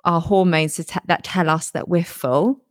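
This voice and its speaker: A woman co-hosting a casual podcast chat as a fitness coach and giving advice in a steady way. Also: on the low side, moderate pace, dry recording, studio quality. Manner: steady, advising.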